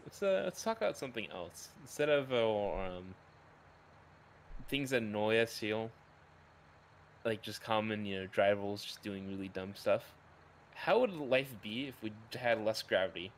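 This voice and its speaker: Lively low-voiced podcast host. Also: male voice, moderate pace, slight background noise. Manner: hesitant, full of fillers. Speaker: podcast host steering the topic. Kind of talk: casual group chat.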